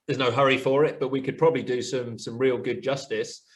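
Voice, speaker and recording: A British man, a coach and former forces fitness instructor, chatting over a video call in a quick, excitable way. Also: medium pitch. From United Kingdom. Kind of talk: casual video call chat.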